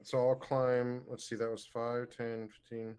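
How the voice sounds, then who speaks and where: A man's voice: medium pitch, little pitch movement, measured pace, a little mellow. A man playing a tabletop game, explaining his moves in a casual, rambling way. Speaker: player.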